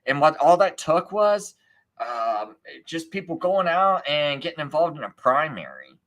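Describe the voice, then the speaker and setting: A man's voice: a little high, very animated, measured pace, a bit bright. A man hosting a live stream, ranting in a casual, sarcastic and scornful way, often slipping into mocking impressions of other people. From United States. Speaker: livestream host.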